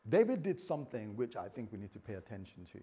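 A man's voice: fairly low pitch, very animated, fast, mellow, breathy edge. A man preaching a conversational sermon, often repeating words and acting out the voices he quotes.

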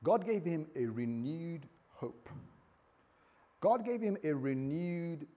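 A man's voice: on the high side, animated, takes it slowly, mellow. A man preaching a conversational sermon, often repeating words and acting out the voices he quotes.

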